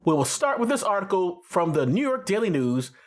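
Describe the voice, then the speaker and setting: A man's voice: high-pitched, sing-song, brisk. A man co-hosting a comedy movie podcast, the incredulous straight man who reads out old articles. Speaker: podcast co-host.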